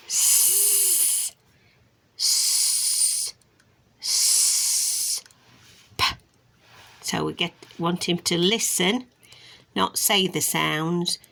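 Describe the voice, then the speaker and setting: A woman speech and language therapist from England, teaching parents sound awareness games in a slow, careful way and stretching out words to model them. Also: low voice, gravelly, fairly bright tone. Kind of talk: instructional demonstration for parents.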